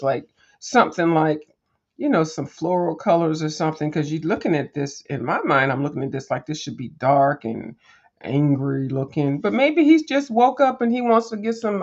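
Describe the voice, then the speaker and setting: A coloring channel host with a low-sitting voice chats casually while paging through a coloring book, rambling between thoughts with lots of ums and restarts. She addresses viewers directly, calling them "girl" and throwing in sassy little "mm-mm"s. The audio sounds a bit dull and lo-fi.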